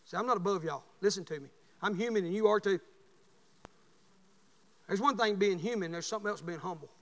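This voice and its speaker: A middle-aged preacher man with a high, ringing voice. He tells homespun stories, then swells into fervent, shouted exhortation. The sound carries the long reverb of a church hall. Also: a little fast. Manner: folksy storytelling, rising to fervent shouts. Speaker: pastor. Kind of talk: sermon.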